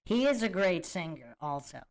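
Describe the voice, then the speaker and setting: A woman's voice: fairly low pitch, very animated, normal speed. A woman hosting a podcast, reacting to clips with incredulous rhetorical questions. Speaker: podcast host. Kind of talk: reaction commentary.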